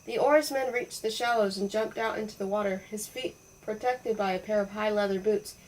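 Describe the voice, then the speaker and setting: A woman reading a children's storybook aloud in a playful, expressive way. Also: mid-range voice, normal speed, distant mic, slight background noise, poor audio. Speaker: audiobook reader. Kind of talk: storybook narration.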